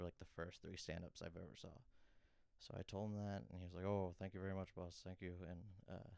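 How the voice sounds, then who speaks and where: A man's voice: low-pitched, creaky, darkish tone, clear, resonant tone, no room sound. A young man telling a story in a casual, chatty way, full of "you know" and "like.". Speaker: comedian guest telling a story.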